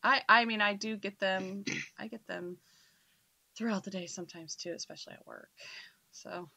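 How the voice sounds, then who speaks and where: A woman guest on a radio show, animated and laughing often, with hiccups, telling paranormal stories in casual chat. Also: mid-range voice, moderate pace, vocal fry, dry recording.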